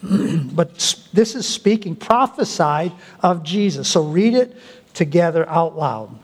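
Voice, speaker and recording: A male pastor preaching a sermon, with deliberate pauses and an emphatic delivery. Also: a little high, animated. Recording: long hall reverb.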